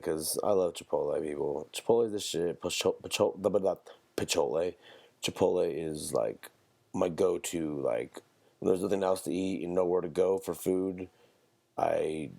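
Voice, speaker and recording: A man's voice: a bass voice, creaky, darkish tone. A man hosting a casual solo podcast, rambling and profane, his voice run through auto-tune. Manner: profane, rambling, swings between mock rage and mumbling. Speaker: podcast host.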